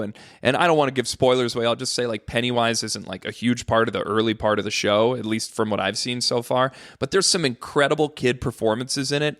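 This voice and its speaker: An American man hosting a casual solo podcast, swearing freely and jumping into high-pitched exclamations. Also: fairly bright tone, dry recording, clean studio sound. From United States. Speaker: podcast host.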